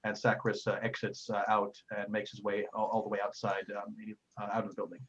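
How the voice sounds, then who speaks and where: A man narrating a tabletop game as game master in a rambling, halting way with frequent fillers. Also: on the low side, monotone, fairly bright tone, highs cut off, slight background noise.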